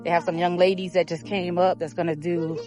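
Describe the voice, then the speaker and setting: A woman's voice: on the low side, flat delivery, brisk, a little mellow. A woman vlogging live on a phone as she walks an outdoor trail at a charity event. She is a little out of breath and chats in a rambling way, with many fillers. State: out of breath while walking. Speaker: vlogger filming a live stream. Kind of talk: casual live-stream commentary. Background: live music.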